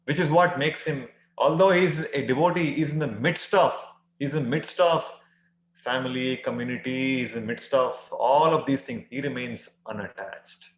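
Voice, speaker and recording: A man giving a devotional scripture talk, earnest, with many "uh" pauses and emphatic rising phrases. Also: mid-range voice, echoey room, poor audio. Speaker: scripture teacher.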